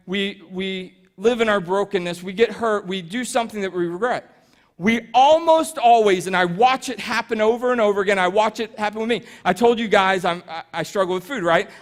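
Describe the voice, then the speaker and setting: A man's voice: sits high, a bit bright. A male pastor preaching a sermon in a conversational storytelling manner, with self-deprecating asides.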